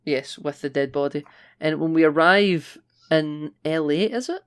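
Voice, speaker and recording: A man's voice: fairly high pitch, a little slow, clear, resonant tone. A man co-hosting a podcast, chatting casually and retelling film scenes with frequent laughs. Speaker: podcast co-host. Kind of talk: casual film review chat.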